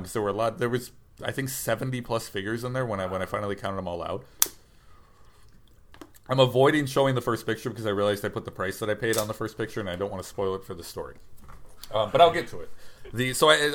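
A man's voice: mid-range voice, fairly bright tone. A man casually telling a long story about buying old toys, rambling and correcting himself, livening up when he quotes people. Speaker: toy reseller telling a story.

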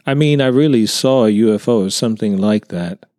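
A man's voice: lowish voice, a little fast, mellow, no echo, clean studio sound, close to an everyday voice. A man voicing an earnest young contractor who tells his story hesitantly in a storybook reading. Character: earnest younger male contractor, unsettled by a sighting.

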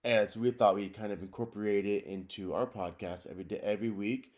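A man co-hosting a casual podcast with his wife, talking in a relaxed, playful, teasing way. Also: lowish voice, fast. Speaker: podcast co-host. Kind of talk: casual chat.

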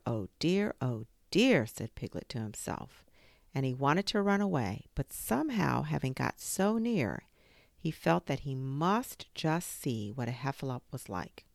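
A woman reading a children's story aloud as a storyteller, expressive and dramatic in her pacing. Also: low voice, creaky, dry recording, clean studio sound.

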